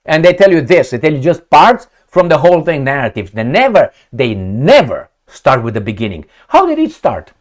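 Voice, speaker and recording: A man's voice: medium pitch, normal speed, hardly any pauses. A man giving a sarcastic, profane political monologue to his audience. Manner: animated, sarcastic, profane, mocking put-on quotes. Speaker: political commentator. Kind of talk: opinionated solo monologue.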